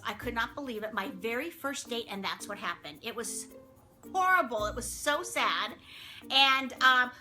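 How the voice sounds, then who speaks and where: Bright, lively middle-aged woman storyteller. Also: fairly high pitch. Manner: lively, chatty, exclamatory, acts out voices. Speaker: vlog host telling a story. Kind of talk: animated storytelling to camera.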